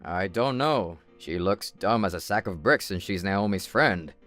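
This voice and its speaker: A voice actor playing a rude, drunken brother-in-law from an animated story, blunt and dismissive. The voice is mid-pitched with a lively, bouncing delivery over faint music. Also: male voice, unhurried.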